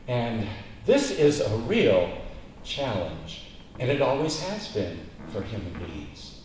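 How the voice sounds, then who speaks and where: A male pastor delivers a sermon with a lively, animated voice that rises and falls as he tells stories and acts out the dialogue. He is heard from some distance off the mic, in a strongly echoing room with a faint hiss behind him. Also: medium pitch, slow pace. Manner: storytelling preacher, acts out dialogue in a joke.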